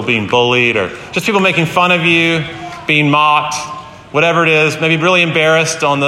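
A man's voice: fairly high pitch, bright, forceful tone, a little hiss or hum. A man in his fifties, a pastor preaching a sermon in an earnest, storytelling way with emphatic repeated phrases. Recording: roomy hall with long reverb, faint ambience.

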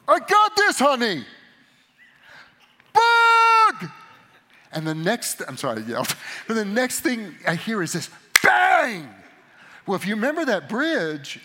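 A middle-aged man giving a sermon to a live audience, telling a story about himself with animated, self-mocking humor. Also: high-pitched. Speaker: pastor or conference speaker.

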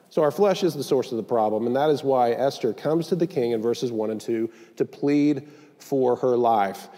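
A man's voice: mid-range voice, normal speed, mellow, long reverb tail. Man preaching conversationally with joking asides. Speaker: pastor. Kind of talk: sermon.

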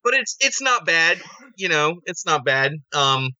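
A man in casual chat, playful and animated, often stumbling over his starts. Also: a little high, measured pace, no room sound, dull audio.

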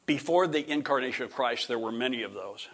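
Teaching from the Bible in a relaxed lecture manner, this middle-aged man rambles, restarts his sentences, clears his throat and laughs softly. He speaks fairly quickly in a mid-range voice with a slightly bright tone.

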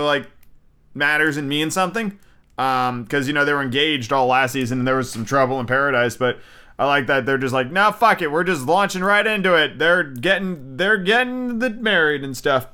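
A man's voice: a little high, pushed and bright, clear, resonant tone. A young man hosting a casual solo podcast, chatty and freely swearing, often restarting his sentences. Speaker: podcast host.

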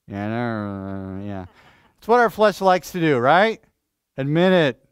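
A pastor preaching in church, lively and questioning, restarting phrases and asking the congregation things. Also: male voice, mid-range voice, slow pace, clean tone, no echo, studio quality. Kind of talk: sermon.

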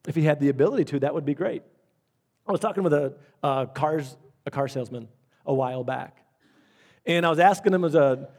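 Man preaching with a fairly high voice. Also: a little mellow. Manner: storytelling with acted-out quotes, repeats key phrases. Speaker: pastor. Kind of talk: sermon.

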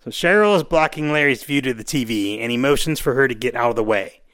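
A man's voice: medium pitch, fast. A man co-hosting a podcast, casually recapping a TV episode and acting out the characters' lines. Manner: animated, acts out scenes with put-on quotes. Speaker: podcast co-host.

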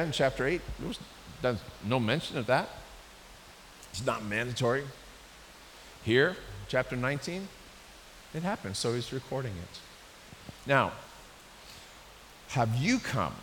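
A man preaching a sermon in a church, in a conversational, animated way with frequent restarts. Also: medium pitch. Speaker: pastor. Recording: echoey hall with faint hiss.

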